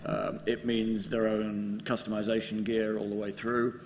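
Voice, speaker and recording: A man's voice: on the low side, flat delivery, a little slow. A man, a game developer, chatting casually on a convention panel, hesitant with many ums. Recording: echoey hall with faint background noise.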